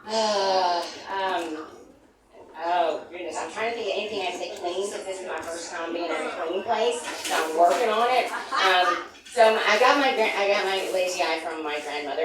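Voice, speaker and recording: A middle-aged woman from the United States doing a stand-up comedy set, rambling through self-deprecating asides. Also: lowish voice. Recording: echoey room from far, noisy.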